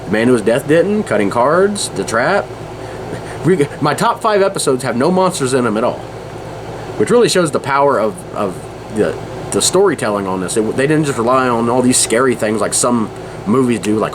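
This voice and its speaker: A man talks through his podcast in a loose, rambling monologue, often restarting his sentences and poking fun at himself. His voice is of middle pitch, and a clear background hiss sits under the recording. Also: normal speed. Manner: rambling, self-deprecating, many fillers and restarts. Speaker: podcast host. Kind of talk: casual monologue. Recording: steady background noise.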